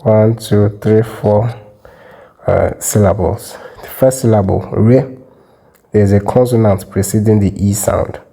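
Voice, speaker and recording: A man teaching French spelling rules, explaining step by step and repeating example words slowly. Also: on the low side, fairly even intonation, creaky, mellow, rough recording. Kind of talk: explanatory lesson.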